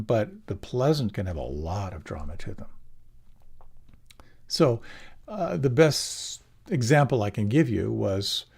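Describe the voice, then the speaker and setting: A man giving a relaxed, reflective meditation talk, often letting his phrases trail off softly. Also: on the low side, creaky. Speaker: meditation teacher. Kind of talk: dharma talk.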